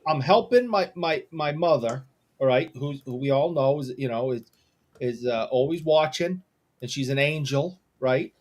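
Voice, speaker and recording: A man co-hosting a casual podcast who tells stories in an animated, mock-apologetic way. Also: mid-range voice, normal speed. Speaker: podcast co-host.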